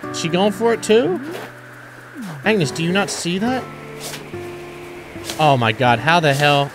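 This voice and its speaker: Young male let's-player, excitable and profane, slightly high voice, game music under him. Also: unhurried. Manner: excitable, swears, thinks aloud. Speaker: gaming channel host. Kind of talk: let's play commentary.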